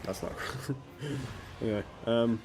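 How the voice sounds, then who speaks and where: A gaming streamer with a medium-pitched voice plays live, talking slowly to himself and swearing in frustration. Game music plays behind him.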